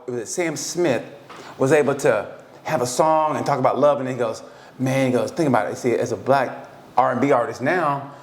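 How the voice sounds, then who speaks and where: A man co-hosting a podcast in casual banter, laughing a lot and jumping into high voices to act out stories. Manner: animated, laughing, restarts, acts out quotes in a high voice. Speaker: podcast co-host.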